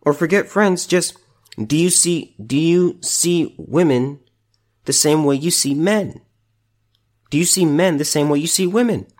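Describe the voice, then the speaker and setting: A man's voice: on the high side, measured pace, darkish tone. A man hosting a solo opinion podcast, ranting in exasperation and restarting his sentences. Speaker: podcast host.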